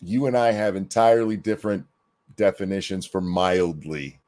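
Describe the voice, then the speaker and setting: A man's voice: low-pitched, fairly even intonation, moderate pace, darkish tone, no echo. Profane, sarcastic male ranter. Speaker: commentary host. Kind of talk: ranting reaction commentary.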